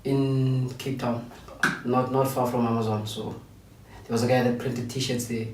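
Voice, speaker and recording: A man's voice: medium pitch, flat delivery, unhurried. Hesitant man co-hosting. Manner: hesitant, rambling. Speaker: co-host. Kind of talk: casual chat. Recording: roomy distant mic with faint noise.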